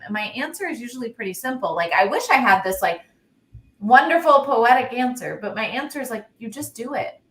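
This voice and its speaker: A woman's voice: on the high side, lively intonation, brisk, fairly bright tone. A woman speaking as an expert panelist in a casual discussion, emphatic, with many rhetorical questions and frequent "like". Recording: roomy echo.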